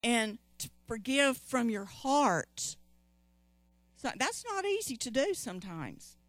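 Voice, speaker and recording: A woman preaching with a fairly high voice and an unhurried, deliberate pace. She leans on repeated phrases and calls on her listeners to answer back. The sound is close and dry, with almost no room echo. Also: very animated. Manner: emphatic, repeats key phrases, calls for audience response. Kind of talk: sermon.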